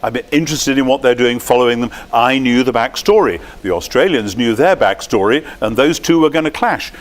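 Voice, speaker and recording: A man's voice: mid-range voice, brisk. Chatty man telling an anecdote. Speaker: speaker. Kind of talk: conversational talk.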